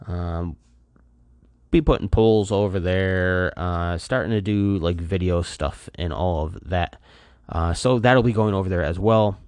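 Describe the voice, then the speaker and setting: A tired man hosts a casual solo podcast, rambling loosely in a deep, low voice and leaning on fillers as he goes. He sounds worn out. The recording is dry and close, with no echo. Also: expressive, a little slow, darkish tone, smooth. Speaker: podcast host. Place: apartment.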